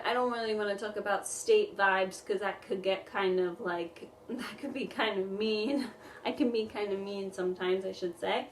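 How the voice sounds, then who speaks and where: A woman's voice: medium pitch, fairly bright tone, distant mic, slight background noise. A woman music therapist vlogging in a casual chat, rambling and full of "like", laughing often. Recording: roomy echo, voice somewhat off-mic.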